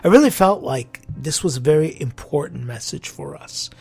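A man preaching a sermon as pastor, impassioned and full of rhetorical questions, swinging between loud appeals and hushed lines. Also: on the high side, big pitch swings, normal speed, slightly rough, faint music behind.

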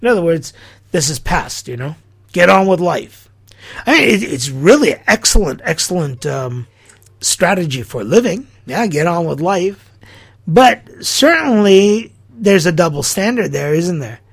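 A middle-aged man hosting a podcast speaks at a measured pace in a high, husky, expressive voice. Sounding incredulous, he leans on rhetorical questions in his opinion monologue and acts out quotations.

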